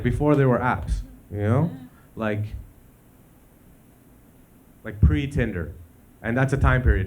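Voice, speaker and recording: A Canadian comic with a lowish voice performs stand-up on a comedy club stage, the background noisy. He's loose and conversational, repeatedly saying "you know" between lines. This live recording with the crowd includes audience laughter.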